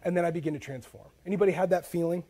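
Preaching with a voice that sits high and races along, this pastor tells funny stories as if chatting with the congregation. His animated delivery swings from quiet asides to loud, emphatic outbursts, peppered with "like" and repeated starts.

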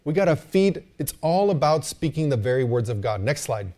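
A man preaching a sermon to his church, animated and joking, often asking the crowd for an amen. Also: medium pitch, moderate pace. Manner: animated, joking, calls for amens. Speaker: pastor.

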